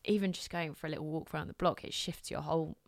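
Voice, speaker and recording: A woman's voice: low-pitched, steady tone, fast talker, vocal fry, no room sound, clean studio sound. A woman in her thirties co-hosting a casual chat, talking in a reflective way and laughing often. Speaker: podcast co-host.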